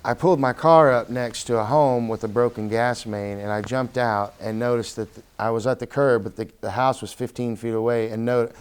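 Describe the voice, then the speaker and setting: Smooth-voiced man telling a story. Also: mid-range voice, fairly even intonation, brisk, hardly any pauses. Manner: vivid storyteller, urgent when quoting shouts. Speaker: freelance journalist. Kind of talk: documentary testimony.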